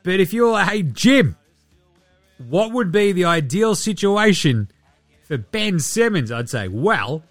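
Sweary sarcastic podcast host. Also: male voice, high-pitched, very animated, slow pace, a bit bright, no room sound, soft background music. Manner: swearing, sarcastic, mocking impressions. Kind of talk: casual sports podcast rant.

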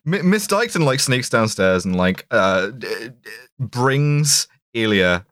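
A man retells a film plot on a podcast in a loose, jokey way, with plenty of swearing. His voice sits at a middling pitch and is recorded close and dry, with no room echo. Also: big pitch swings, slow pace, fairly bright tone. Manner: sweary, jokey, quotes characters in funny voices. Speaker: podcast co-host. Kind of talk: casual film review chat.

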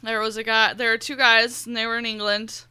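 Bright, blunt woman podcast host. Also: a little high, little pitch movement, smooth, no echo. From United States. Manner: blunt, laughing, quick to swear. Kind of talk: casual chat.

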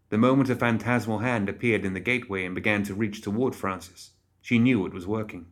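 A man reads a fantasy audiobook in a measured, even way. His voice sits on the low side, and the telling is calm and steady. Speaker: narrator. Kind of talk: scripted audiobook narration.

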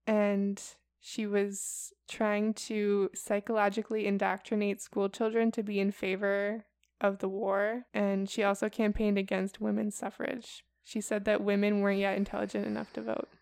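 A woman's voice: mid-range voice, flat delivery, normal speed, few pauses, darkish tone, clean tone, no echo, studio quality. A young woman co-hosting a podcast, presenting a history report in casual chat full of "like" and "um". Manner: chatty and casual, heavy with fillers like "like" and "um".

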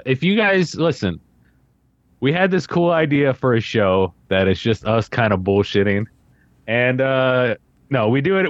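A man co-hosting a podcast in relaxed, profane, filler-heavy chat. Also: mid-range voice, no room sound, dull audio. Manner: laid-back, swearing, filler-heavy. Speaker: podcast co-host and guest. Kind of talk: casual podcast banter.

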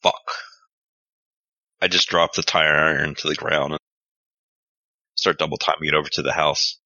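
A man playing a big gruff bruiser in a tabletop role-play, blunt and swearing often. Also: extremely low pitch, flat delivery, moderate pace, bright, forceful tone, dry recording, highs cut off. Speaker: player.

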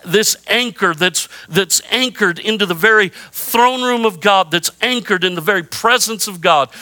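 Bright, high-voiced preaching man. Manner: emphatic preaching with call-and-response prompts; self-deprecating humor and repeated phrases. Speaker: pastor. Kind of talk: sermon.

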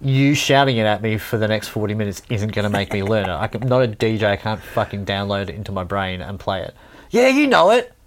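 A man's voice: fairly low pitch, fast talker, few pauses, slight background noise. A man, a pub musician chatting casually on a podcast, rambling and laughing often. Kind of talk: casual chat.

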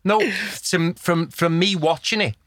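A man hosting the interview, asking his questions in a brisk, eager way. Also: high-pitched, a bit bright, no echo. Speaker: host.

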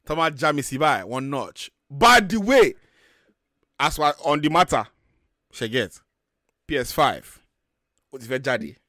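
A man's voice: a little high, very animated, unhurried, pauses often, sharp tone, dry recording, studio quality. A man, co-hosting a casual group chat and telling boastful, joking stories with some swearing.

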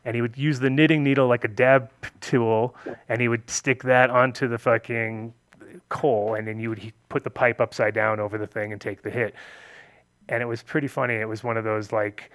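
A man's voice: mid-range voice, little pitch movement, brisk, fairly bright tone, dry recording. Swearing, laughing man telling stories. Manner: loose storytelling with heavy swearing, laughing often. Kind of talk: casual chat.

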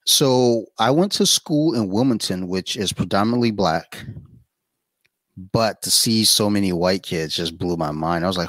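A man chatting casually as a podcast guest, telling blunt, profane stories with animated quoted asides. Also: on the low side, moderate pace, dry recording. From Saudi Arabia.

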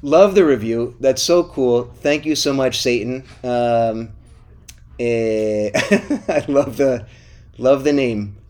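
A man's voice: mid-range voice, slow, darkish tone, slight background noise. A middle-aged man co-hosting a podcast, wrapping up the episode in a casual, upbeat way and pleading with listeners to vote and leave reviews. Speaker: podcast co-host.

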